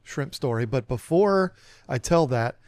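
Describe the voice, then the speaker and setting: A man co-hosting a podcast, telling a self-deprecating story in a casual, animated way and acting out the dialogue. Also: mid-range voice, measured pace, dry recording, studio quality. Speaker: podcast co-host.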